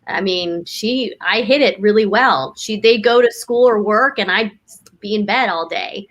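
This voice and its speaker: A woman speaking as a guest on a panel talk show, candid and expressive, acting out what people say. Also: medium pitch, unhurried, muffled recording. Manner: candid, expressive, acts out quoted lines.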